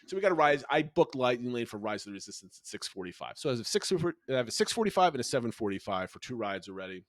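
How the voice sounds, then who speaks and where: A middle-aged father recounts a family trip with animated, restless storytelling, stumbling and restarting his sentences. His voice sits at an ordinary pitch, and the recording is dry and close. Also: very fast, dry recording. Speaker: podcast co-host, father. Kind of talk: casual chat.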